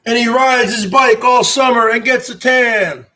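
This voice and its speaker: A man's voice: extremely high pitch, unhurried, pushed and bright. A man hosting an online show, delivering a mocking, repetitive rant at rivals and calling them brother. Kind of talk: ranting monologue to viewers.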